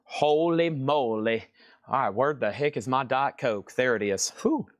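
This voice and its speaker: Chatty record seller, dry close sound. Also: male voice, mid-range voice, moderate pace, dry recording. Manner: chatty, jokey salesman calling out prices and buyers. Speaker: live-stream record seller. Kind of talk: live auction sales patter.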